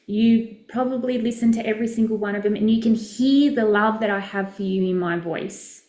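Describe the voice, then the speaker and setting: A woman's voice: medium pitch, fairly quick, mellow, roomy sound. A woman, a business coach, chatting casually and effusively with viewers during a live session, rambling and correcting herself as she goes.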